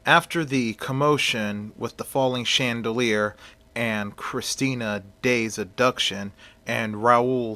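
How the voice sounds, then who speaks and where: Bright-voiced man reading a fan story. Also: medium pitch. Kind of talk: amateur fan-story narration.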